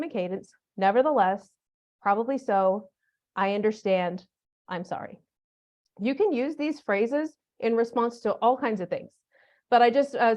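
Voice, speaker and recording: A woman leads a teacher workshop in a relaxed, conversational way, using humor and everyday classroom examples. Her voice sits on the higher side. The recording is dull and lo-fi. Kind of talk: conference workshop talk.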